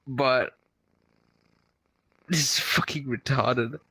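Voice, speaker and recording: A man's voice: mid-range voice, fairly even intonation, extremely slow, sharp tone, husky, no room sound, rough recording. A young man from Australia telling rambling, profane stories on a casual podcast, tagging his sentences with "right?". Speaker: podcast co-host.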